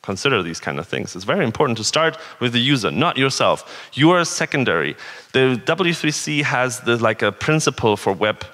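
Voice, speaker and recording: A man's voice: medium pitch, expressive, brisk, a bit bright. Earnest male conference speaker in hall. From northern Germany. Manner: conversational, earnest, rhetorical questions. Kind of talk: tech conference talk. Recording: reverberant hall.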